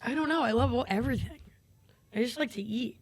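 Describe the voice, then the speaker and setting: A young adult woman chatting casually as a podcast guest, blunt and quick to swear. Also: on the high side, no room sound. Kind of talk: casual chat.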